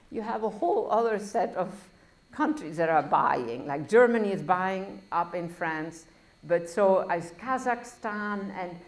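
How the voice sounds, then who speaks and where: A woman with a foreign accent giving a university lecture, talking in a discursive way with frequent self-corrections and wry asides. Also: mid-range voice. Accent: foreign accent in English. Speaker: professor.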